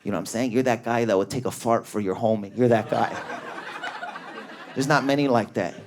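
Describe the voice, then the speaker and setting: Profane, high-energy male stand-up comic. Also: slight background noise. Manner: high energy, profane, neurotic, rapid riffs. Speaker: stand-up comedian. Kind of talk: stand-up comedy, riffing on an audience member. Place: comedy club stage. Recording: live club audience laughter.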